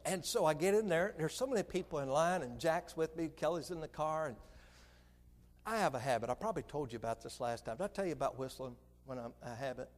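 A middle-aged man preaching, telling a lively story with comic put-on voices. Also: a little high, fast talker, long reverb tail. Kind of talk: sermon story.

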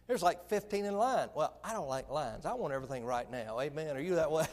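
A middle-aged man preaching, telling a lively story with comic put-on voices. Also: fairly high pitch, a little fast, in a large hall, a little hiss or hum. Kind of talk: sermon story.

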